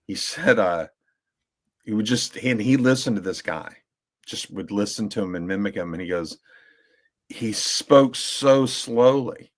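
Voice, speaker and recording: A man with a slightly low voice talks loosely on a podcast, circling back and restarting his sentences as he tells a story. He keeps it casual and chatty. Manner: rambling storyteller with many restarts and fillers; briefly mimics slow drawling voices when quoting. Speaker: podcast co-host. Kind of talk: casual chat.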